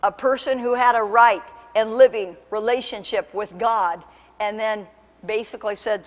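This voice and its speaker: A woman pastor preaching a sermon with impassioned, emphatic delivery that surges to loud peaks. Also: a little high, fairly even intonation, normal speed, big-room sound. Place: church sanctuary.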